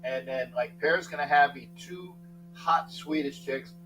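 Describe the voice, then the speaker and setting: A middle-aged man hosting a casual sports talk livestream, rambling, thanking chatters by name and breaking into sudden loud outbursts. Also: a little high, a little slow, faint music behind, low-quality recording. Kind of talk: casual live chat with viewers.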